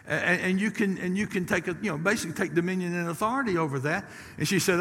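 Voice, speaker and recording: Preacher man, middle-aged, bright and forceful, folksy with big loud swells, long church-hall reverb. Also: high voice, fast, few pauses, a little hiss or hum. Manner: lively preaching with sudden loud rises and folksy asides. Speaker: pastor. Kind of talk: sermon.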